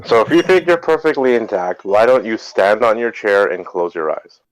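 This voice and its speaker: Man, low voice, tabletop roleplay, teasing, humoring tone. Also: expressive, moderate pace, dry recording, low-quality recording. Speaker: tabletop game player. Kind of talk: in-character roleplay.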